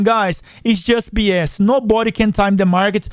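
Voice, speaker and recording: Man, non-native English speaker, high voice, smooth, dry close mic, casual chatty host. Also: fairly even intonation, moderate pace, no echo. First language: not English. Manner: chatty, repetitive, addresses viewers as guys. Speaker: finance channel host. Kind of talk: casual livestream chat reading comments.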